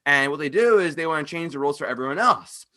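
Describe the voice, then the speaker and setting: A man hosting a podcast, ranting bluntly and profanely in a fast, clearly pronounced casual delivery. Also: fairly high pitch, lively intonation, sharp tone. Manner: fast-talking, with clear pronunciation. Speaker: podcast host.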